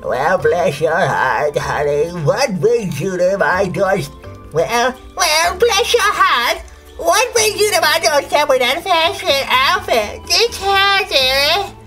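A woman's voice: high voice, lively intonation, slow pace, over music. A synthetic woman's voice playing a prim, wary older woman homeowner with a Texan accent and sugary old-fashioned phrases. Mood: sweet. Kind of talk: game character voice.

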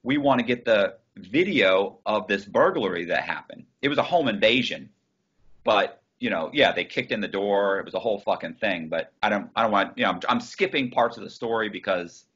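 A man tells his story in a loose, casual way. His voice sits low and husky, and he swears freely and restarts his sentences. The sound comes through a muffled, dull video call line. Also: lively intonation, moderate pace, fairly bright tone. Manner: swearing, restarts, quoting others in his telling. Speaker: interview guest.

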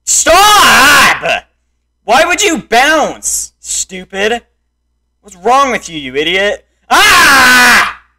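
A young man in raging gameplay commentary, frustrated, swinging between muttered complaints and loud shouts at the game. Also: sits high, big pitch swings, slow pace. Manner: frustrated, yelling and insulting the game. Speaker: gameplay streamer.

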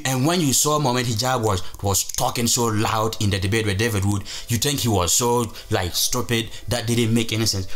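A man's voice: mid-range voice, fairly bright tone. A man hosting his own channel, talking in a rambling, emphatic way with frequent restarts. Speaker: channel host. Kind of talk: casual commentary vlog.

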